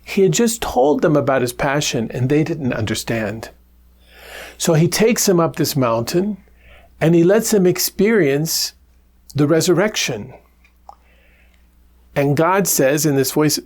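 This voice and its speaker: A Capuchin friar giving a gentle, reflective gospel reflection, with small laughs and restarts as he talks. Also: on the high side, big pitch swings, measured pace, long pauses.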